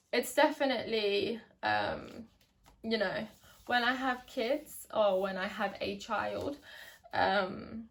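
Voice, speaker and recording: A young woman giving a casual book review, chatty and hesitant, with many ums and restarts. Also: medium pitch. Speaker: book vlogger.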